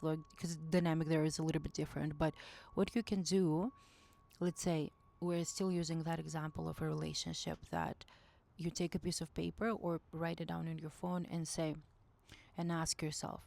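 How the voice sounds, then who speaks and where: A woman's voice: low voice, vocal fry, mellow. A woman giving intuitive spiritual advice in a casual monologue, speaking earnestly, often searching for words and rephrasing herself. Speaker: intuitive message reader.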